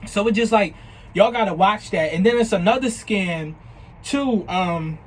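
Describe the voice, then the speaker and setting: A man's voice: high-pitched, a little slow, a little hiss or hum, poor audio. A young man from New Jersey casually telling a storytime about scam attempts, swearing freely and acting out the messages he got. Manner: animated, profane, retelling chats with quoted lines. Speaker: vlogger.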